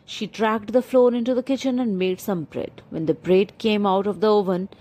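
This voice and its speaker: A woman reading a children's story aloud in a measured storytelling manner. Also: mid-range voice, dark tone.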